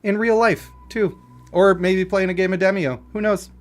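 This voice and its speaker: A man's voice: sits high, steady tone, normal speed, soft background music. A man streaming a game, chatting casually in a rambling way and laughing often. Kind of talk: casual live-stream chat.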